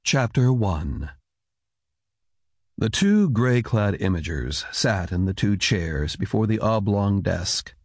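A man narrating an audiobook in an even, measured storytelling manner on a close studio mic. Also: lowish voice, vocal fry, husky, dry recording. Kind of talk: scripted narration.

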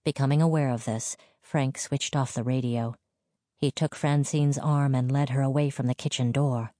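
A woman reading a novel aloud in an even, measured storytelling manner. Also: very deep voice, dry recording, studio quality. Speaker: audiobook narrator. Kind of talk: scripted narration.

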